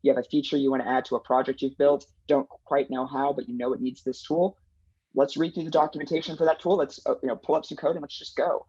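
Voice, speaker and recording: A man's voice: mid-range voice, steady tone, fast, darkish tone, slightly rough, no room sound. A man who manages a placements team, answering interview questions in an earnest, enthusiastic way with lots of fillers and restarts. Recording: dull dry lo-fi sound.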